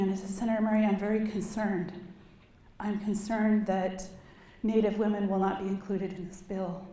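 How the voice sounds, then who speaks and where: A woman's voice: medium pitch, dark tone. A woman giving a keynote speech, telling a personal story with earnest, rising passion. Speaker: keynote speaker. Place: large conference hall. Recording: echoey hall, distant mic, faint ambience.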